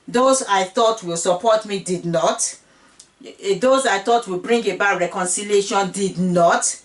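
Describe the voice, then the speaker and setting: A woman's voice: mid-range voice, unhurried, far from the mic. A woman hosting her own channel, teaching a Bible story in an earnest, personal way and often repeating her phrases. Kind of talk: casual Bible teaching monologue.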